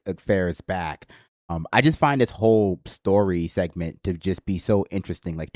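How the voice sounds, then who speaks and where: A man's voice: lowish voice, darkish tone, no room sound, clean studio sound. A man reacting to a video on a livestream, mocking and sarcastic, swearing casually. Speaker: livestream commentator reacting to a clip.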